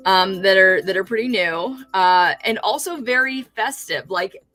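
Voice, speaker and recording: Soft music plays behind a woman whose medium-pitched voice has a sharp tone and moderate pace. The California streamer displays her fake food crafts on a livestream, chatting casually, rambling, restarting often, and clearly tickled by her own creations.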